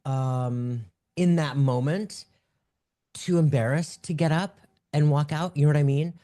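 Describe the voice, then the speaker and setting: A man's voice: on the high side, fairly even intonation, a little slow, dark tone. A man hosting an interview over a video call, affirming his guest and hesitating with "um" and "uh". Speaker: podcast host, medium. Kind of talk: interview chat.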